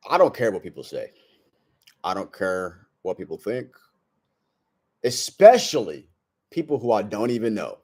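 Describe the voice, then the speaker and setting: A man's voice: lowish voice, big pitch swings, normal speed, pauses often, darkish tone, husky. A young man in a brash, slangy vlog monologue, telling a story and giving blunt advice. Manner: brash slangy storytelling, says bro a lot. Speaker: self-improvement vlogger. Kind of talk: casual monologue to camera.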